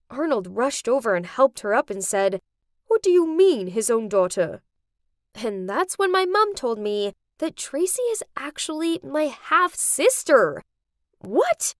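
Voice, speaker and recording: A young woman narrating an animated story in the first person, dramatic and expressive. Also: high voice, dry recording, studio quality.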